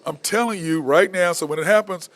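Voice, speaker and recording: A man's voice: high-pitched, a little fast, fairly bright tone. A man hosting a sports talk show, ranting bluntly and repeating his points. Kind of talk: opinionated sports talk monologue.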